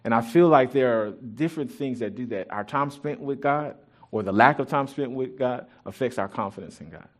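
A male pastor delivering a sermon, his voice sitting at an ordinary middle pitch. He talks to the congregation like a friend, joking now and then and circling back over his own phrases. His volume leaps up and drops back as he preaches. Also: moderate pace. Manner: animated preaching with sudden jumps in loudness and frequent restarts. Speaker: pastor and youth track coach. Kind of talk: sermon, Bible teaching with personal stories.

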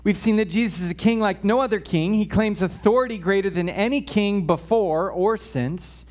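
A man's voice: sits high, normal speed. A man preaching a casual sermon in church, chatty with joking asides and frequent check-ins with the congregation.

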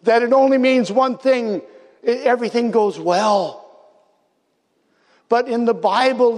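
A high-pitched male pastor preaches slowly and thoughtfully, drawing his sermon out in unhurried phrases. His reflective storytelling sometimes sinks to near-whispers for emphasis. The sound carries the long reverb of a large church hall.

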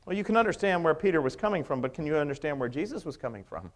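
A man's voice: on the high side, expressive, rapid-fire. A middle-aged male pastor preaching a sermon, emphatic, with many rhetorical questions.

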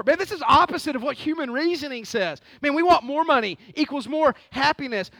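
A man preaching a lively, conversational sermon full of rhetorical questions. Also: very high-pitched, brisk, creaky, no echo. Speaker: pastor.

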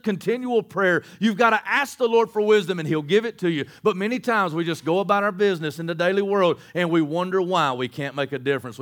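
A man preaching a sermon, teaching quickly and asking the room rhetorical questions. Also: high voice. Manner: fast-talking, animated teaching with rhetorical questions. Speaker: pastor.

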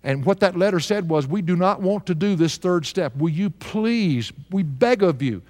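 A man's voice: high voice, animated, moderate pace, darkish tone. A man in his sixties preaching a sermon, telling a story and chuckling now and then with earnest emphasis. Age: 60s. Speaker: pastor. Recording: long hall reverb.

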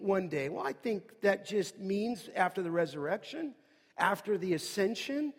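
A man pastor preaching a sermon, dramatic, dropping to hushed asides and rising to loud emphatic lines. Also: high voice. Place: large church sanctuary. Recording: long hall reverb.

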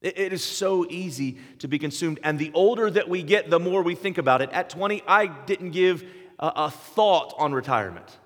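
A man's voice: on the high side, moderate pace, fairly bright tone, in a large hall. A man in his forties preaching a sermon, earnest and emphatic, building up with repeated phrases. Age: 40s. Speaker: pastor.

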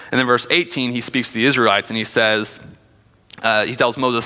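Bright-voiced man teaching scripture. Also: mid-range voice, fairly even intonation, a little fast, clean tone, long reverb tail. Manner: conversational, with frequent fillers. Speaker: Bible teacher. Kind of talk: sermon with scripture reading.

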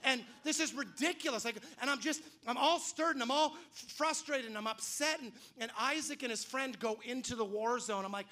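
A man's voice: very high-pitched, a little fast, hardly any pauses, sharp tone. A man preaching a sermon, telling a story animatedly, acting out the voices he quotes and often restarting his words. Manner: frequent restarts and repeated words. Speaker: pastor.

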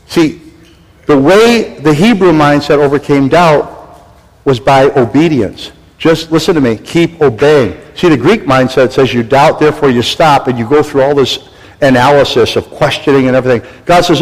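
A man's voice: mid-range voice, normal speed. An older man preaching a sermon as pastor, exhorting the congregation and calling for responses, with a recurring cough. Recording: echoey church hall.

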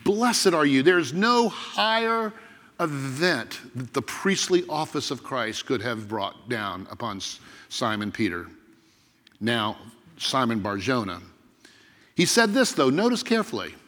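A man preaching a sermon as pastor, earnest and emphatic, with dramatic pauses. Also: medium pitch, big pitch swings, a bit bright, long reverb tail.

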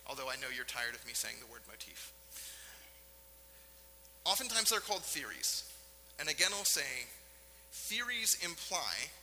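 Earnest high-voiced male preacher, bright tone. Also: long reverb tail, slight background noise, poor audio. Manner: earnest, emphatic preaching with dramatic pauses. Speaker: pastor. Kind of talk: sermon. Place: church sanctuary.

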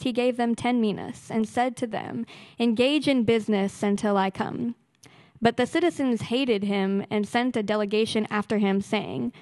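A woman reading a Bible passage aloud to a church congregation in a steady, deliberate way. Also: a little high, no echo. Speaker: scripture reader.

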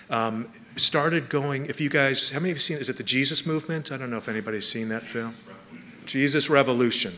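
A middle-aged man from Southern California giving a personal testimony to an audience, halting, with many restarts and repeated words. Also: mid-range voice, pushed and bright, a little hiss or hum. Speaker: speaker sharing testimony. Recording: long hall reverb, faint ambience.

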